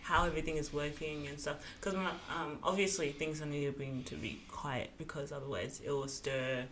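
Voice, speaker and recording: A woman's voice: low voice, fairly even intonation, moderate pace, fairly bright tone, slight background noise. A young woman co-hosting a podcast in casual chat, rambling with lots of fillers and giggles. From Australia. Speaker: podcast co-host.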